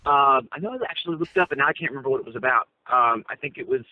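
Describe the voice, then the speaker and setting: A man's voice: mid-range voice, very fast, no echo. Man rambling over a tinny phone line. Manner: rambling, with many fillers and restarts. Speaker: co-host. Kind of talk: casual chat. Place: parked car.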